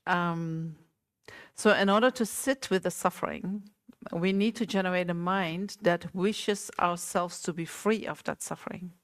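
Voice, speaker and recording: A woman teacher giving a Buddhist talk to a small group, gentle and unhurried, often asking her listeners questions. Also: on the low side. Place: meditation center hall.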